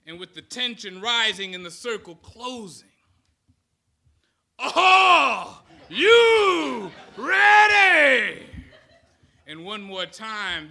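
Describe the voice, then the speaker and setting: A man's voice: sits high, sharp tone. A man in his thirties giving a motivational speech to an audience, rousing them with call-and-response chants. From United States. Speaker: speaker.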